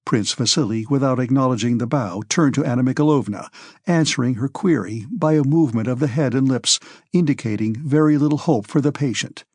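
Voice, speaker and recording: A man narrates a classic novel in a measured, steady manner, his voice sitting in an ordinary middle pitch. The recording is close and dry, with no room sound around it. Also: husky, no echo. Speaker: audiobook narrator. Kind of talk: scripted narration.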